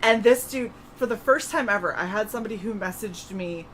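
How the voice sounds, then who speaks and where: A woman co-hosting a casual evening stream, telling stories in an animated way and laughing often. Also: medium pitch, fairly quick, a little hiss or hum. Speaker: stream co-host. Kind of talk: casual chat. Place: home streaming setup.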